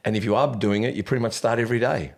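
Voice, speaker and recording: Animated man, podcast host. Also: lowish voice, racing, gravelly. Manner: animated storyteller, swears casually, laughs often. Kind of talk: casual podcast chat.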